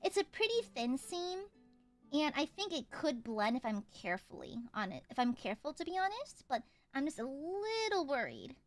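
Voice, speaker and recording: A woman's voice: high voice, big pitch swings, normal speed, faint music behind. A young American woman streaming as she paints miniatures, chatting casually and switching between English and Vietnamese, laughing often. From United States. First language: Vietnamese heritage speaker.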